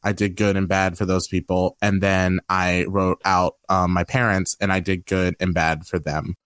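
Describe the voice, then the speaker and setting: A low-voiced man speaks openly and reflectively as a podcast guest, his voice catching with emotion now and then. The recording is dry and close, with no room sound. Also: flat delivery, moderate pace, a bit bright, smooth, no room sound. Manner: candid, reflective, tearful at times. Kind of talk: emotional personal conversation.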